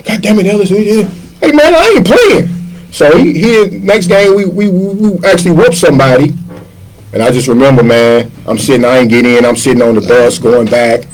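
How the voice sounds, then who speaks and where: A man, a chef and former basketball player, telling stories as a podcast guest in a slangy, animated way and acting out the voices of the people he quotes. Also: mid-range voice, rough recording. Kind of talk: casual storytelling interview.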